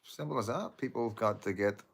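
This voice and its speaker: Low-voiced man, rambling. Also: fairly quick, vocal fry, breathy edge. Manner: rambling, repeats "you know what I mean". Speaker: livestream host. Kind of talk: casual livestream chat.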